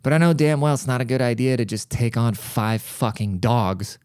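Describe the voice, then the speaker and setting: A man's voice: mid-range voice, moderate pace, clear, resonant tone, no echo, clean studio sound. A middle-aged man hosting a podcast, telling a rambling, profane story in a casual monologue. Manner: rambling, profane, animated asides. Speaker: podcast host.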